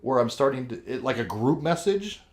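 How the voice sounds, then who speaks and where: A man's voice: medium pitch, moderate pace. A man, a show regular with kids, telling a rambling, swear-filled story in casual chat and acting out what people said. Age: adult with kids. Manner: profane, animated storyteller, acts out quotes. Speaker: podcast co-host.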